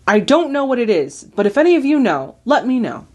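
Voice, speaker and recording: A woman's voice: a little high, brisk. Gushing young woman reacting to a film. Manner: gushing, excitable, many "like"s. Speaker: host reacting to a classic film. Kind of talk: casual reaction commentary.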